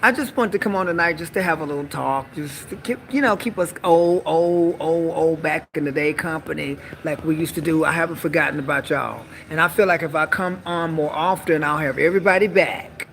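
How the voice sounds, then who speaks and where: Sassy woman with gravelly bright voice. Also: deep voice, brisk, few pauses, a little hiss or hum. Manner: sassy, bawdy, calls listeners honey. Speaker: live-stream comedian. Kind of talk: stand-up style live-stream monologue.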